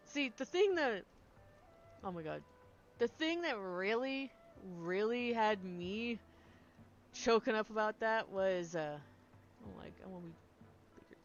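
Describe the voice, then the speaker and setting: A woman streaming a video game, chatting casually and excitably, laughing often and trailing off mid-sentence, with a sniffly nose. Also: medium pitch, unhurried, pauses often, a little hiss or hum. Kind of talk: casual gameplay stream chat. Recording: slightly dull lo-fi sound with faint game music.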